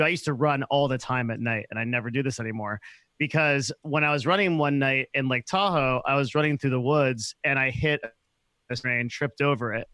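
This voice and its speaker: A man hosting a podcast, telling a personal story quickly and animatedly, often laughing as he talks. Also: mid-range voice, bright, forceful tone, no room sound. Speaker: podcast host. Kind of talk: conversational storytelling.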